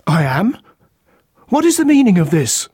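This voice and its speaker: A man's voice: on the high side, big pitch swings, a little slow, a little mellow, breathy edge, dry recording, studio quality, pitched above the performer's own voice, heavily acted. A man voicing a distraught husband who pleads frantically in an audiobook mystery. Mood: frantic. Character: distraught grieving husband, middle-aged man. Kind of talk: audiobook character voice.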